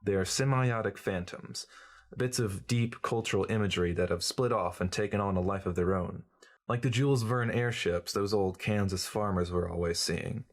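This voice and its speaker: Reading an audiobook at an ordinary pace, this man has a lowish voice and takes on the role of a glib, cynical journalist. He sounds breezy and lecturing, every bit the know-it-all.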